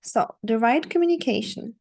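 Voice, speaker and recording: A woman coaching her viewers on dating, speaking in a fairly high but mellow, warm voice. She gives firm, instructive advice, repeats her points and keeps checking in with "okay?". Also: expressive, normal speed, gravelly. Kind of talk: coaching monologue.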